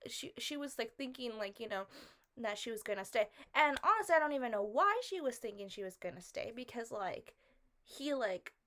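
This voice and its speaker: A woman talks through a film she just watched in a loose, rambling way and fills her speech with "like". Her voice sits a little on the high side. She asks one puzzled question after another. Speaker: vlogger reviewing a film. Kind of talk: casual spoken review.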